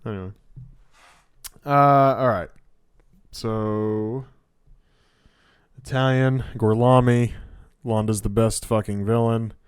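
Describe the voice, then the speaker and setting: A man's voice: lowish voice, steady tone, takes it slowly, pauses often, a little mellow, clean tone. A man co-hosting a podcast, chatting casually about a film, rambling and swearing as he retells scenes. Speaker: podcast co-host. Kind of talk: casual movie discussion.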